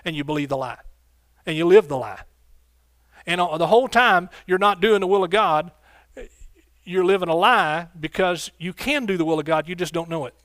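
A man's voice: high voice, moderate pace, fairly bright tone, no room sound. Fervent preacher man, dry sound. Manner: fervent, call-and-response preaching with exclamations. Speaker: pastor. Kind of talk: sermon. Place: church sanctuary.

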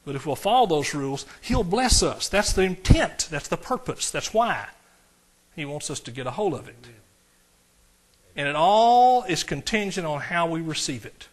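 Male pastor, sermon delivery, slightly high voice, dynamic and conversational with the crowd. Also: normal speed. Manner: animated, swings from loud preaching to quiet asides; talks directly to the congregation, asks questions.

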